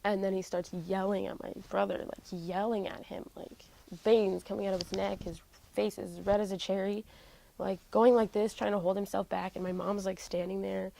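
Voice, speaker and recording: A woman's voice: mid-range voice, flat delivery, normal speed, gravelly, warm tone, low-quality recording. A young woman musician telling a personal family story in an interview, candid and full of "like" fillers. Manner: heavy use of "like" fillers, candid.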